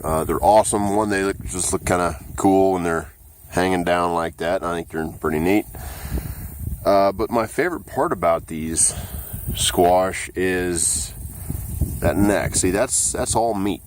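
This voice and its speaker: A man's voice: low voice, measured pace, a little hiss or hum. A man hosting a casual walkthrough of his vegetable garden, talking in an easygoing way with plenty of "uh" fillers. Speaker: gardening channel host. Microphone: handheld camera mic.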